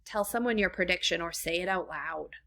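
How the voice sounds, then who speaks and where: A woman's voice: lowish voice, fairly quick, pushed and bright. A woman teacher reading a storybook lesson aloud to children, stopping to ask the class questions. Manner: friendly, asks the class questions.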